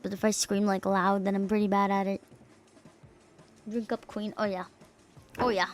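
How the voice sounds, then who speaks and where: A young woman streaming as a VTuber from home, chatting loosely with a slight tomboyish rasp, swearing and laughing as she reads out chat. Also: medium pitch, fairly bright tone. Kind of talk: casual livestream chat, reading out chat messages. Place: home room. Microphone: desk streaming mic.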